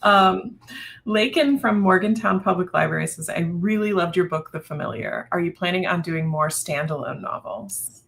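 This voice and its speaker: A woman's voice: on the low side, animated, moderate pace, creaky, fairly bright tone. A woman moderating a webinar, easygoing, reading out audience questions over a video call and laughing along with the guest.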